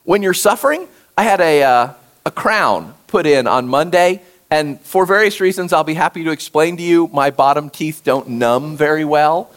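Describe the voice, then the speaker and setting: Man, pastor, conversational sermon, high voice, very lively pitch, addresses the congregation directly. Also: moderate pace. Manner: animated, talks directly to the congregation. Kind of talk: conversational sermon with scripture reading.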